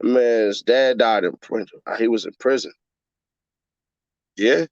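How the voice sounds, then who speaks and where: A man's voice: medium pitch, unhurried, darkish tone, dry recording, dull audio. A man, hosting a casual livestream and ranting with profane jokes. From Chicago, USA. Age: 30s. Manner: profane joking rant, puts on mocking voices. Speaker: livestream host.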